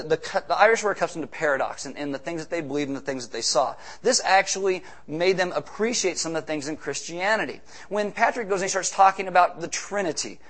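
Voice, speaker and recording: High-voiced, animated male preacher. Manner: animated, joking asides. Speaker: pastor. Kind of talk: sermon. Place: church stage with slides.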